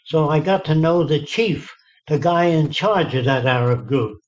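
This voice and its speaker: An unhurried man with a voice on the high side tells stories in conversation during an interview. He's blunt and folksy, acting out people's words to him, and the recording sounds dull and lo-fi.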